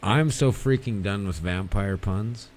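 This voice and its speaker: A man co-hosting a radio show, trading corny puns in a dry, deadpan way. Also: on the low side, unhurried, a little hiss or hum. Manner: deadpan punster, dry jokey delivery. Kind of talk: casual radio banter.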